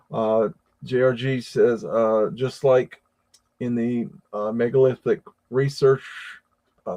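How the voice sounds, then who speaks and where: An American man hosting a live stream, chatting casually and reading viewer comments, with a rambling, halting delivery full of repeated words and fillers. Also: medium pitch, darkish tone. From United States. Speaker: livestream host reading chat.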